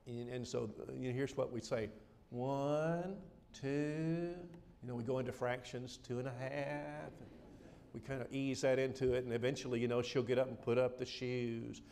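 A man's voice: mid-range voice, level tone, fast talker, hardly any pauses, darkish tone. A middle-aged man preaching a sermon in a lecture hall, earnest and emphatic, often repeating words as he stresses a point.

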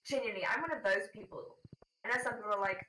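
Playful woman co-streamer, bright tense voice, echoey room, faint hiss, heard from a distance. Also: mid-range voice, quick pace. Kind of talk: casual gaming stream chat.

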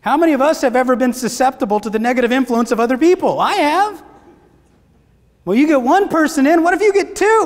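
A man giving a motivational seminar talk, energetic and asking his audience questions. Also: extremely high pitch, a little fast. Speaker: motivational speaker. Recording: long hall reverb.

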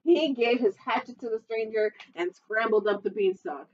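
A woman's voice: a little high, moderate pace, highs cut off. A woman librarian reading a picture book aloud at storytime, adding playful asides to the listeners. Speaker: children's librarian.

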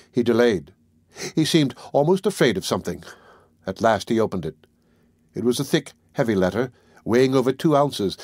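A male audiobook narrator reads a classic novel in a measured, even tone, sitting in the middle of a man's range. The recording is dry, with no room echo. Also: mid-range voice.

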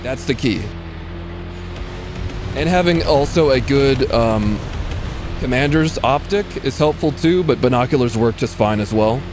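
A man's voice: mid-range voice, lively intonation, a little slow, long pauses, background noise. Casual male streamer over faint gunfire. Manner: casual, chatty, answers chat while playing. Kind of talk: live gameplay commentary.

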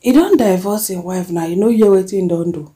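A woman with a Nigerian accent, chatting about celebrity gossip and reading fan comments aloud with lively exclamations. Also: medium pitch, brisk, husky.

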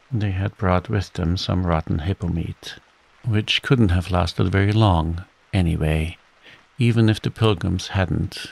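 A man narrating a bedtime audiobook in a calm, soft-spoken, measured way. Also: deep voice, vocal fry.

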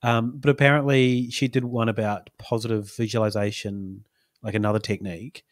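A man's voice: fairly low pitch, fairly even intonation, normal speed. A man, a podcast host rambling through stories with small chuckles. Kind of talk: casual chat.

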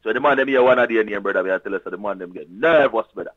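A man with a Jamaican accent, boasting in lively patois as a sound system guest in casual radio chat. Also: on the low side, quick pace, slightly rough, no room sound. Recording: tinny phone-line audio.

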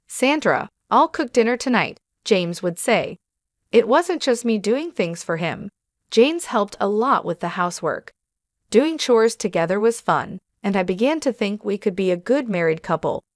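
A woman tells a first-person story in scripted narration, keeping a steady, measured pace. Her pitch sits in a middle range. The recording is dry and close, with no room sound. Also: no room sound.

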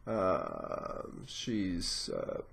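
Unhurried man giving a lecture. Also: low voice, wildly swooping pitch, vocal fry, fairly bright tone. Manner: explanatory, unhurried, many "uh" and "um" pauses; acts out patient dialogue in a raised voice. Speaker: lecturer on psychoanalysis. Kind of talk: informal lecture.

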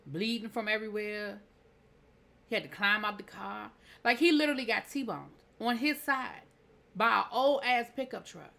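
A woman's voice: medium pitch, moderate pace, vocal fry, pushed and bright. A woman reviewer giving a casual episode recap, opinionated and heated, acting out scenes in quoted dialogue. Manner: opinionated, heated rhetorical asides. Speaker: TV show reviewer.

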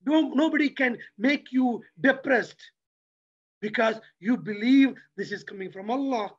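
A man giving a motivational religious talk, lively and preacherly, who keeps asking his audience rhetorical questions. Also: very high voice, unhurried, lo-fi sound. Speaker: lecturer.

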